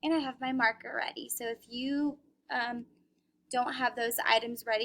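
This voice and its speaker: Woman, young adult, teacher, phonics lesson for kids, patient, encouraging, high voice. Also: fairly even intonation, normal speed, fairly bright tone.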